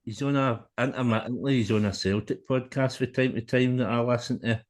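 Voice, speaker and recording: A man's voice: mid-range voice, steady tone. A man hosting a podcast interview, speaking casually and restarting his phrases. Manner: halting, repeats words when starting sentences. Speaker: podcast host.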